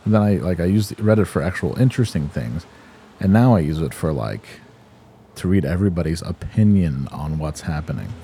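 A man co-hosting a podcast, trading crude deadpan jokes in casual banter and often trailing off mid-sentence. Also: deep voice, fairly quick, slight background noise. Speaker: podcast co-host.

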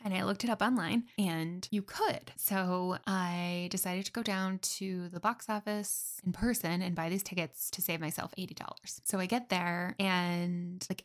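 Young woman podcaster rambling thru a story, low voice w lots of fry, laughs at herself. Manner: chatty, self-deprecating, many fillers. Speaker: podcast host. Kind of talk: casual solo storytelling.

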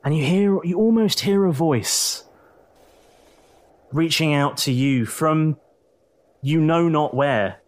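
A man's voice: on the high side, slow pace, long pauses. A man running a tabletop role-playing game as game master, narrating scenes in a dramatic, descriptive way and repeating words for effect.

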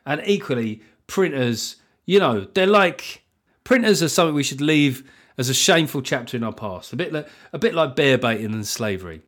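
A man's voice: medium pitch, lively intonation, normal speed, fairly bright tone. A man hosting a comedy podcast, riffing sarcastically with frequent swearing and mocking asides, recorded so the levels clip now and then. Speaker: podcast host. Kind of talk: comedic solo podcast rant. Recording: levels topping out, sounds lo-fi.

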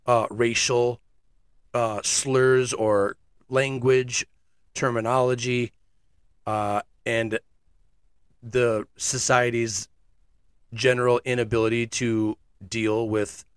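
A man's voice: mid-range voice, clean tone, dry recording. Fired-up male podcast host, dry close mic. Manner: blunt, fiery, sarcastic. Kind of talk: opinionated commentary.

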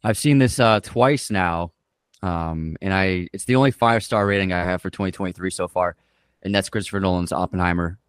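A man's voice: sits low, brisk, smooth, no room sound, clean studio sound. A man hosting a podcast, chatting casually and with enthusiasm about his favorite films. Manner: enthusiastic, loose, with filler words. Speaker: podcast host. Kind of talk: casual movie review chat.

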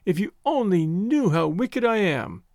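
A man's voice: high-pitched, huge pitch swings, moderate pace, no echo, studio quality. A man voicing a distraught young woman who sobs and pleads in a raised, wavering voice. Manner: sobbing, wailing, breathless pleading.

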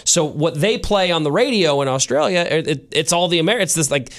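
A man's voice: on the high side, fairly quick. A man co-hosting a morning radio show, telling stories in casual banter and now and then slipping into put-on voices. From Kansas City area. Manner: animated storyteller, slips into put-on voices.

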